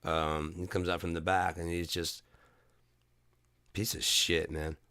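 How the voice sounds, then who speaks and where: A man's voice: low voice, level tone, unhurried, sharp tone, clear, resonant tone, no echo, studio quality. A man talking in a rambling, profane, casual monologue, telling stories from his own life. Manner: profane, storytelling, jumps between topics. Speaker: vlogger.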